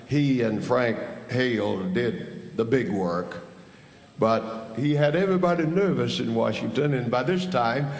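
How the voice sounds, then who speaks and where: An older man, a church elder, tells stories to a panel audience with a preacher's emphasis. His voice sits at a middle pitch. The sound is roomy, with a long reverb from a large hall. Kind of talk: panel talk, anecdotal storytelling.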